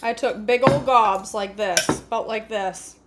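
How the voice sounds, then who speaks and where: A woman's voice: mid-range voice, measured pace, loud music behind the voice. A woman hosting a casual cooking vlog from her home kitchen, chatty, folksy and joking. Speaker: vlog host.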